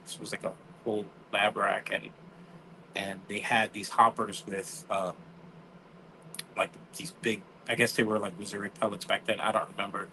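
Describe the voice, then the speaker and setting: A man's voice: lowish voice, flat delivery, normal speed, bright, forceful tone, slight background noise, rough recording. A man, telling stories in casual chat, acting out quotes and swearing freely. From New York. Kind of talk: casual storytelling.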